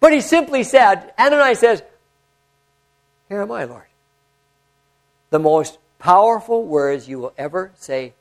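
A man preaching a conversational sermon, swinging from animated storytelling to hushed, prayerful tones. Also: high voice, measured pace, pauses often, rough recording.

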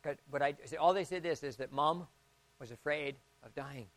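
A man, a pastor preaching a sermon in a folksy storytelling way, acting out the voices he quotes and swinging from hushed to loud. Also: fairly high pitch, moderate pace.

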